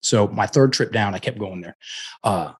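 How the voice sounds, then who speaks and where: A middle-aged guest coach tells personal stories in a conversational interview, his voice on the low side and husky. He speaks at a moderate pace, earnest and full of restarts.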